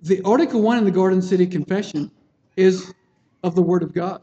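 A man's voice: high voice, a little fast, warm tone. A man preaching a sermon in an earnest, plain-spoken way, often restarting phrases and checking in with his listeners. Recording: dull lo-fi sermon recording.

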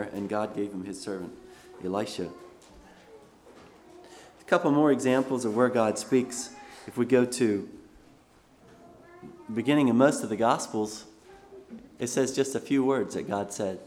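A man's voice: lowish voice, a little mellow, slight background noise. A male pastor giving a sermon, reading scripture aloud and then explaining it in a conversational way.

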